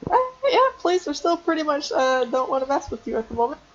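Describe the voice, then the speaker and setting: A woman's voice: high voice, fast, highs cut off. A young woman narrating as game master for a tabletop game, hesitant and full of ums and restarts.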